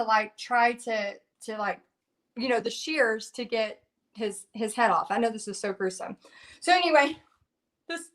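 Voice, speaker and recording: Chatty woman, bright higher voice. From Texas. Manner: chatty and animated, many fillers and restarts. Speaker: painting instructor on a Facebook Live. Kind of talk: casual livestream storytelling.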